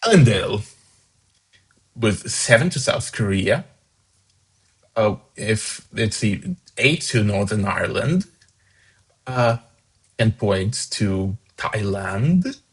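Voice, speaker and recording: The host of this fan song contest has a lowish, breathy voice with big pitch swings, taking it slowly and pausing often. He reads out each voter's points in a casual, chatty way, upbeat about the scores. The recording is rough.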